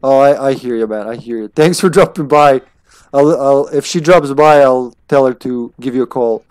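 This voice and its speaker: A man's voice: mid-range voice, normal speed, darkish tone, clean tone, dry recording. A man streaming a game live, chatting in a laid-back way, swearing and laughing. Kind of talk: casual live gameplay commentary. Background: game music.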